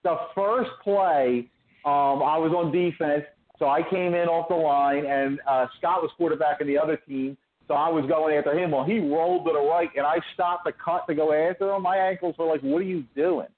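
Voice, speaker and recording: A man's voice: on the high side, steady tone, normal speed. Laid-back man in his thirties on phone audio. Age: 30s. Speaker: radio show regular. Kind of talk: casual sports chat. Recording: tinny phone line.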